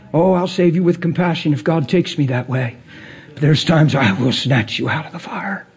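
A man preaching a passionate sermon as pastor of his church, swinging from quiet to loud. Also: breathy edge. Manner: impassioned preaching with big pitch swings.

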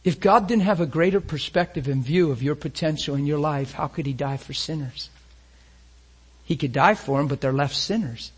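Husky-voiced intense male preacher. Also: a little high, moderate pace. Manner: intense, swings between loud emphatic lines and hushed near-whispers; rhetorical questions to the congregation. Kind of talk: sermon.

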